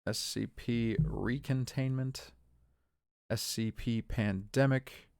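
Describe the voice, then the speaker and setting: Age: 30s. Sex: man. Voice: gravelly, dry. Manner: rambling streamer chatter. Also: medium pitch, fairly even intonation, takes it slowly, darkish tone, no echo. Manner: rambling, chatty asides to viewers. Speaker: game streamer. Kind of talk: live gameplay commentary.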